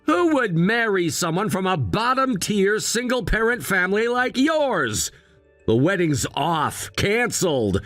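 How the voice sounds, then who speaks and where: An actor playing an arrogant, snobbish young fiancé who talks down to people in a sneering, condescending way. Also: male voice, sits high, very animated, measured pace, a bit bright, faint music behind, full character voice. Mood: contemptuous. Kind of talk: voiced drama narration.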